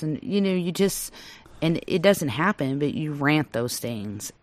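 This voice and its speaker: A woman recounting her life in an interview, halting and restarting often and stretching out key words. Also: low voice, dry recording. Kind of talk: personal testimony.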